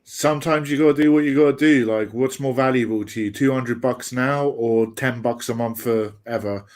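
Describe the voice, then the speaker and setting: A man's voice: medium pitch, fairly even intonation, normal speed, a little mellow. A man in a casual livestream chat, giving short, laid-back replies and laughing along.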